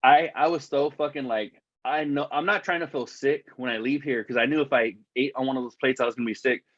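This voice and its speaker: A man co-hosting a casual podcast, rambling through a story and swearing constantly. His voice sits at an ordinary middle pitch. The sound is dry and dull, with a lo-fi edge. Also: fairly even intonation, brisk, dry recording. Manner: profane, rambling storyteller, says "dog" a lot. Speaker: podcast co-host. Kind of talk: casual chat.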